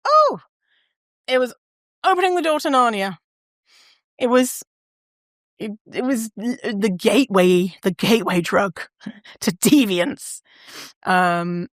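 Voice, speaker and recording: A woman's voice: mid-range voice, dry recording, studio quality. Candid woman hosting a podcast. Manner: candid, swears freely, laughs often, acts out quoted voices. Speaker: podcast host. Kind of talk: casual solo podcast monologue.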